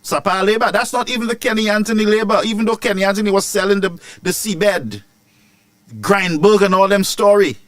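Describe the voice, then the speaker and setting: A man, hosting a news commentary show, ranting about politics with rhetorical questions and sharp asides. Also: high voice, brisk, no echo.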